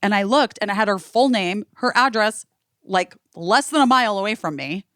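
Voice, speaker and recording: A woman's voice: mid-range voice, moderate pace, no echo, studio quality. A woman hosting a podcast, telling a story in casual chat with lots of fillers. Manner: animated storytelling with many "like" fillers. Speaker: podcast host.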